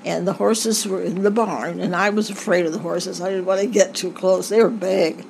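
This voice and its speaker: A woman's voice: lowish voice, fairly even intonation, moderate pace, gravelly, a little mellow, a little hiss or hum, low-quality recording. An older woman recalling her family's past in a rambling way, with frequent stops and restarts. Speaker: interviewee. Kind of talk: family oral history recollection.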